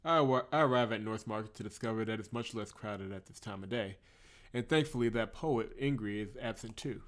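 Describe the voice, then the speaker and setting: A man's voice: lowish voice, fairly quick, a bit bright. A man streaming a visual novel, reading it aloud in a dramatic read-through with casual asides; he chuckles often and stumbles and corrects himself on words. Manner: chuckles often, breaks off into playful commentary.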